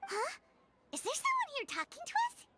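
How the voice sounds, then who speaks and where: A tiny floating fairy girl from a video game chatters away in a very high, squeaky voice. She is bubbly and excitable, bouncing all over her range with a bright, sharp tone, and talks about herself in the third person. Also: moderate pace, heavily acted. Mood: puzzled.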